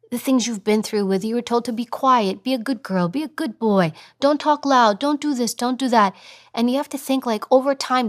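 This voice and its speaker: A woman guest in an interview, a former agent now on TV news, talking emphatically and acting out voices as examples. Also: a little high. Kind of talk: interview advice talk.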